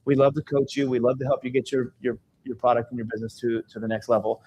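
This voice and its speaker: Mellow-voiced man at a seminar. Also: medium pitch, monotone, quick pace, husky, highs cut off. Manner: conversational storytelling, frequent "okay?" check-ins. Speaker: seminar speaker and business coach. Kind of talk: live sales seminar talk. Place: stage at a live event.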